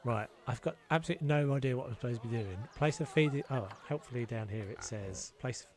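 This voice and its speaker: A man's voice: mid-range voice, quick pace, a little mellow. A man giving casual, self-deprecating commentary as he plays, thinking aloud and muttering to himself. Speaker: gameplay video creator.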